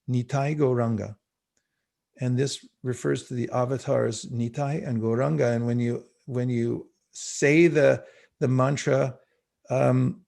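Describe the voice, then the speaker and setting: Over a video call, a male teacher guides an online spiritual session, reflecting aloud and chanting mantras slowly for others to echo. The voice is mid-range and creaky, a little mellow.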